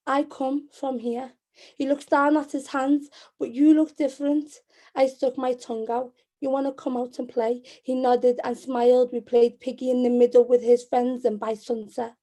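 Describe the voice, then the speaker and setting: A woman in her twenties with a Scouse accent, a poet reciting spoken word poetry in a measured, rhythmic way. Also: on the high side, dark tone. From Liverpool, England.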